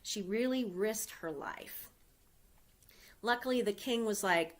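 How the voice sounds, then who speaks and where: A woman's voice: medium pitch, a little slow. A woman giving a Sunday message, retelling a scripture story in a casual, conversational way with asides to the congregation. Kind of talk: storytelling sermon.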